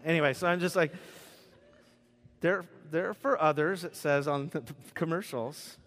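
Joking pastor preaching in a big hall. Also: male voice, fairly high pitch, a little slow, long pauses, fairly bright tone. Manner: conversational, joking, acts out quoted voices. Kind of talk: sermon. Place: church sanctuary. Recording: preached in a large reverberant hall.

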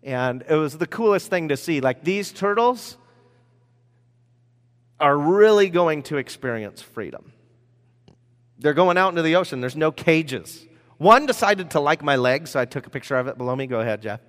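A man's voice: on the high side, lively intonation, normal speed, fairly bright tone. A man from the United States giving a sermon, telling rambling personal stories with lots of fillers and asides. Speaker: pastor. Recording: reverberant hall.

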